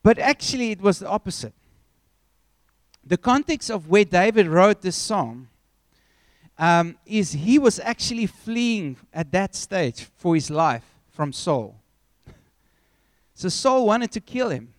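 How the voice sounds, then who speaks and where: A man preaching a sermon, telling a story with animated, acted-out scenes. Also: high voice, slow, long pauses, dry recording.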